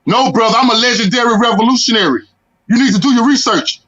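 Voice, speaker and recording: Bright high-voiced man, heated and boastful. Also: fast. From Texas. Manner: confrontational, boastful, keeps hammering the other man's name. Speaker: panel guest. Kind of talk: heated panel argument. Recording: dull lo-fi audio.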